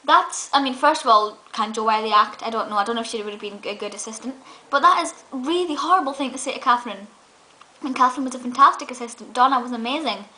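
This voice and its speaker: Bright-voiced giggly woman vlogging. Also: fairly high pitch, fast talker, poor audio. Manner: giggly, gushing, lots of ums. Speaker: film reviewer and vlogger. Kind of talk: casual review vlog.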